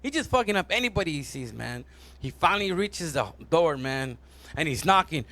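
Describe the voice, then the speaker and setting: Animated, slangy stand-up comedian man. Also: a little high, normal speed, no echo. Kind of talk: stand-up storytelling.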